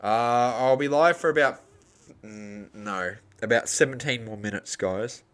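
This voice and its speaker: A man's voice: mid-range voice, a little slow, a bit bright, clean tone. A young Australian man hosting a live cricket reaction stream, rambling and arguing crudely with his chat.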